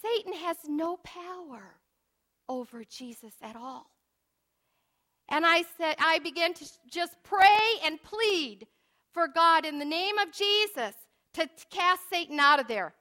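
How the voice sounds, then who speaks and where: High, bright-voiced woman preaching. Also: animated, a little slow. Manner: earnest, swings from hushed to emphatic. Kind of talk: sermon.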